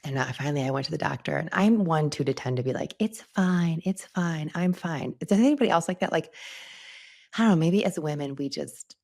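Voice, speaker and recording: A woman's voice: sits low, quick pace, creaky, darkish tone. A middle-aged woman hosting a solo podcast, talking candidly and chattily, often laughing as she goes. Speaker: podcast host. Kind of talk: casual solo podcast talk.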